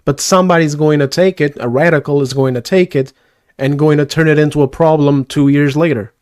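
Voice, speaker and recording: A man on a podcast panel, agreeing and adding a point in a relaxed, conversational way. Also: a little high, fairly quick. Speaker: podcast guest. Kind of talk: casual online debate chat.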